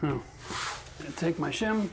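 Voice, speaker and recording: A man's voice: a little high, expressive, moderate pace, noisy background. A man hosting a casual do-it-yourself renovation video, talking through each step in a chatty, self-mocking way and laughing at his own slip-ups. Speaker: DIY renovation host. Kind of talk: casual how-to narration. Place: bathroom under renovation.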